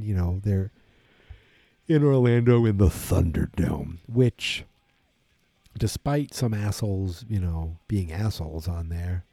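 A man talks in a low, deep, very dark voice that sounds a little husky. He rambles casually and tiredly, full of fillers and false starts. The recording is dry and close. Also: no echo. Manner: rambling, lots of fillers and restarts. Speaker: wrestling podcast host. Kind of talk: casual solo commentary.

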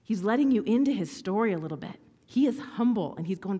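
A woman's voice: medium pitch, fast, breathy edge. Woman preaching in a reverberant hall. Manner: conversational, animated, asks audience to respond. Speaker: pastor. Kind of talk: sermon. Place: church hall with audience. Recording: long reverb of a large hall.

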